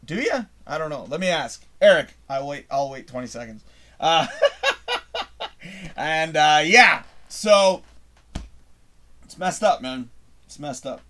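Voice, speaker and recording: A middle-aged man from Canada hosting a live show, telling a long rambling story in a casual, animated way and swearing freely. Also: a little high, unhurried.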